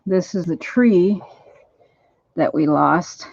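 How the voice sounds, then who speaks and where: Older woman vlogger, unhurried and gravelly, rambling chat with easy laughs, dull lo-fi phone sound. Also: on the low side, darkish tone. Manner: rambling, laughs easily, slow and chatty. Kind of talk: casual chat. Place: at home, then out in the yard.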